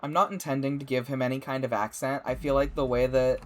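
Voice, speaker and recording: A man's voice: medium pitch, little pitch movement, fast talker. A man playing a video game, reading lines aloud and talking to himself in a mild, earnest way. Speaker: gaming streamer. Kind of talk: let's-play narration and character reading.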